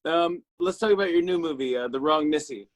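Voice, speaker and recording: A middle-aged man hosting a talk show, chatting casually with a guest over a video call, upbeat and quick to laugh. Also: fairly high pitch, no room sound. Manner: laughs easily, upbeat and enthusiastic. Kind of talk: casual interview chat.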